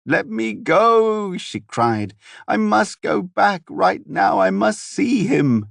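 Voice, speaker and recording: A man's voice: fairly even intonation, a little mellow, dry recording, natural voice. A man voicing a distraught young noblewoman who wails and shrieks in a dry audiobook read. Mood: frantic. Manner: frantic wailing, high and drawn-out.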